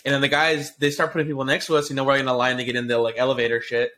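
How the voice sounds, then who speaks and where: Excitable, profane man telling stories. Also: mid-range voice, racing, a little hiss or hum. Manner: rambling with frequent restarts and "like". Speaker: podcast co-host. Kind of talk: casual storytelling chat.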